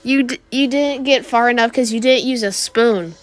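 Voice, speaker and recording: A woman's voice: fairly high pitch, moderate pace, natural voice. A woman doing Deku, a smug spoon-loving boy. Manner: upbeat, self-satisfied and dreamy. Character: cheerful smug teenage boy hero obsessed with spoons.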